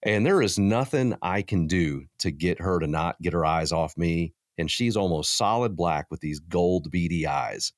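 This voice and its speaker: A man in his thirties, a podcast guest telling stories in casual chat, animated and profane. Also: low-pitched, moderate pace, few pauses, no room sound, studio quality. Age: 30s.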